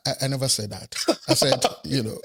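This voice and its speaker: A man from Nigeria, a professor and podcast guest, explaining in a measured way in a studio and often checking in with "right?". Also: mid-range voice, steady tone, pushed and bright, a little hiss or hum. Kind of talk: conversational interview.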